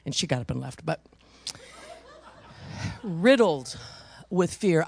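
A woman preaching a sermon, telling a personal story conversationally and rising into loud, emphatic preaching. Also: sits low, expressive, slow, vocal fry, long pauses, husky, dry recording, clean studio sound.

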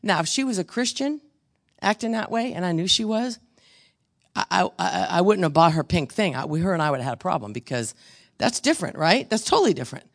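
A woman's voice: fairly low pitch, animated, a little fast. A woman leading a casual Bible study, chatty and storytelling, with frequent restarts.

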